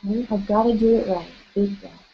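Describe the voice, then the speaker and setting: A woman leading a guided tapping session, calling out tapping points and gently coaching listeners through spoken affirmations. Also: mid-range voice, steady tone, a little fast, husky, highs cut off.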